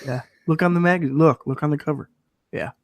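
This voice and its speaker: A man's voice: on the high side, a little fast, dry recording. A man co-hosting a podcast who laughs a lot and reacts with teasing, profane remarks. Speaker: podcast co-host. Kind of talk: casual chat.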